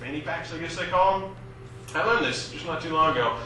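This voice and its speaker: A young man with a Boston accent tells wry, self-mocking stories on a comedy club stage. His voice sits a bit high for a man. It is caught by a camera across the room, so the sound is roomy, distant and carries some noise. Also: brisk, bright, forceful tone. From Massachusetts, USA. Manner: wry, self-mocking storytelling, loose and chatty. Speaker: stand-up comedian. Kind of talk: stand-up comedy set. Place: small comedy club, live audience.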